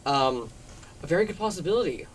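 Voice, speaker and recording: A man's voice: a little high, lively intonation, a little fast, distant mic, a little hiss or hum. A man as a talk show guest, telling gossipy stories in a chatty way, laughing often and acting out the quotes. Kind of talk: gossipy storytelling in conversation. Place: public access TV studio.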